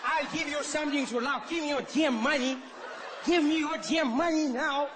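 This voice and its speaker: A comedian putting on a would-be robber with an Indian accent, barking threats in a high, strained register. A faint crowd murmurs behind him. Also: male voice, normal speed, noisy background. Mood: threatening. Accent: Indian (put on). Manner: shouting threats.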